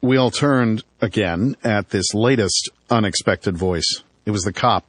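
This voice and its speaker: A man's voice: lowish voice, a little slow, slight background noise. A man narrating a first-person audiobook with dry, wry storytelling.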